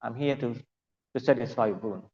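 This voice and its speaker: A man's voice: medium pitch, brisk, darkish tone, in a large hall, dull audio, natural voice. A man voicing a mighty male lion king in a spoken story, commanding and generous in manner. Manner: commanding, then kindly granting.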